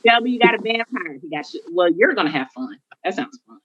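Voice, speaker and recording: A woman's voice: fairly low pitch, sing-song, fast talker, a little hiss or hum. A woman hosting a podcast in casual chat, blunt, joking and profane. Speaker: podcast host. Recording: dull lo-fi recording.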